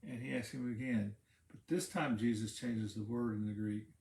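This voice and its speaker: A man's voice: medium pitch, steady tone, moderate pace, vocal fry, darkish tone. A man, a pastor, giving a casual Bible teaching talk, explaining in a conversational way and repeating words while he thinks. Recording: roomy echo.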